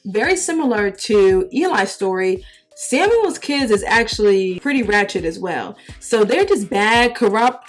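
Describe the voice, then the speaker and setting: A young woman hosts a casual retelling of Bible stories, lively, slangy and conversational. Her voice sits fairly high. Faint music plays behind her. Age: young adult. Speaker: host.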